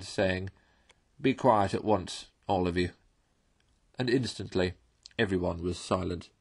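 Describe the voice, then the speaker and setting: A man's voice: lowish voice, husky. A man reading a children's storybook aloud, narrating expressively.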